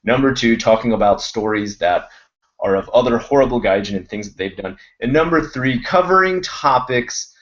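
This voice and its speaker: A man's voice: medium pitch, expressive, moderate pace, a bit bright. Man rambling through a show sign-off. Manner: loose, rambling wrap-up with crude asides. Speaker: co-host of a web show. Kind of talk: casual web show chat and sign-off. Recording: muffled video call audio.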